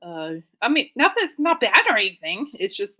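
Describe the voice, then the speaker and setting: A woman's voice: fairly high pitch, sing-song, fairly quick, sharp tone, breathy edge, poor audio. A woman hosting her own podcast live, rambling casually with lots of fillers and exclamations. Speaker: podcast host. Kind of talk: casual live-stream chat.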